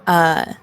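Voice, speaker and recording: A woman's voice: on the low side, dark tone. A young woman co-streaming a text game, reading narration and chatting casually between passages.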